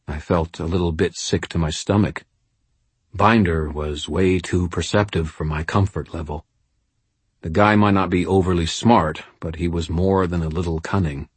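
A man's voice: low voice, steady tone, normal speed, husky, no echo. A man reading a first-person audiobook narration with a wry, dry storytelling manner.

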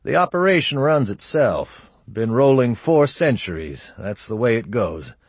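A man's voice: medium pitch, sing-song, a little slow, breathy edge, no echo, exaggerated voice. A man voicing a wry, world-weary army colonel in an audiobook, talking in a dry, confiding way. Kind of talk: audiobook character voice.

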